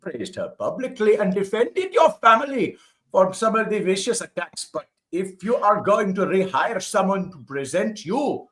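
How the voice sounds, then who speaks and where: A man's voice: sits high, sing-song, normal speed, fairly bright tone, voice pushed up. A man putting on an indignant Indian-accented politician. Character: male politician, indignant, reading his post aloud.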